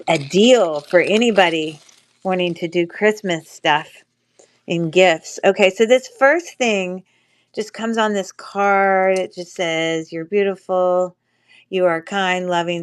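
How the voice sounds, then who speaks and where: A woman's voice: fairly low pitch, slight background noise. A woman with a stuffy nose from a cold, chatting casually with many ums while running a live jewelry auction. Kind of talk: casual live-stream selling chat.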